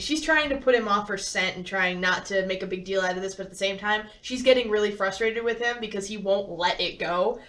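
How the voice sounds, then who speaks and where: A young woman from Michigan reads a novel aloud and breaks off for sarcastic, animated commentary that now and then turns to swearing. Her voice sits a little high. She sounds somewhat distant from the microphone. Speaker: host reading and commenting on a novel. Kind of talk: sarcastic read-along commentary.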